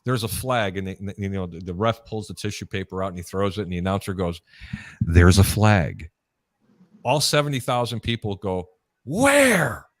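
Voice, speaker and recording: A man's voice: sits low, fast, hardly any pauses, no echo, clean studio sound. A man hosting a live sports betting talk show, chatty and storytelling, mimicking announcers as he goes. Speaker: host.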